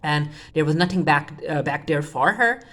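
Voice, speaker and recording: This woman speaks low with lively intonation, a fairly bright tone and a moderate pace. As a TV reviewer she casually recaps an episode, wandering through restarts and offhand asides while quoting characters in passing.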